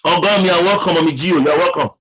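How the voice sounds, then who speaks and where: A man's voice: on the high side, very fast, fairly bright tone, breathy edge, muffled recording. A man with a Nigerian accent hosting a casual live stream, musing aloud and thanking viewers by name.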